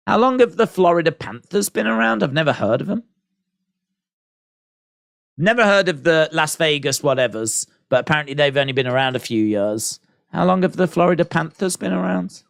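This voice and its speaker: Gravelly and fairly high in pitch, a British man's voice comes through clean studio sound with no room reverb. He's hosting a relaxed watch-along stream, wondering aloud, reading viewer comments and teasing himself.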